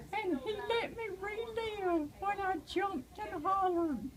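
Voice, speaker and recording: Slow high-voiced older woman. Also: crowd noise, low-quality recording. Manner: halting, many pauses and fillers, tearful in places. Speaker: evangelist. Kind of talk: personal testimony storytelling.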